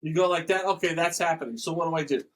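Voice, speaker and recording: Rambling, jokey man, high-pitched. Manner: rambling, halting, jokey, slips into playful accent impressions. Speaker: interview guest, drummer. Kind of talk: casual interview chat.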